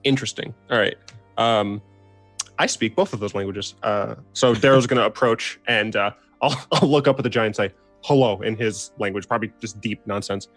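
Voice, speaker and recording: A man's voice: on the low side, brisk, a bit bright, dry recording, faint music behind. A man playing a tabletop game, chatting in a playful, rambling way. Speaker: player. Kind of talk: casual tabletop game chat.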